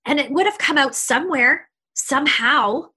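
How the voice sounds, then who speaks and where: A woman's voice: a little high, a little slow, sharp tone, breathy edge. A middle-aged woman giving an earnest motivational talk on leadership, emphatic and repeating words for effect. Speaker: leadership speaker. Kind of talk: motivational monologue.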